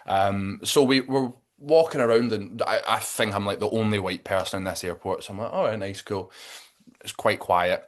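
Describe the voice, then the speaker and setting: A young man co-hosting a podcast, telling a story in a lively, sweary way and acting out what people said. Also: lowish voice, normal speed, hardly any pauses. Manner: animated storytelling with lots of swearing and acted-out quotes. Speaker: podcast co-host. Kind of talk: casual chat.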